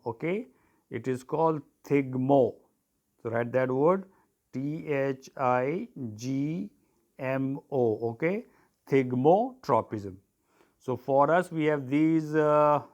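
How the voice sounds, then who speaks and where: A man's voice: on the high side, lo-fi sound. A man teaching an online biology lesson, dictating terms for students to write down and spelling them out.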